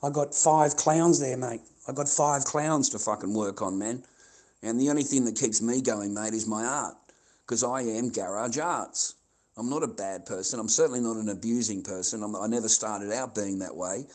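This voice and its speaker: At a moderate pace and medium pitch, an Australian man with a darkish tone fumes at the people watching his livestream, swearing freely and saying the same things again and again.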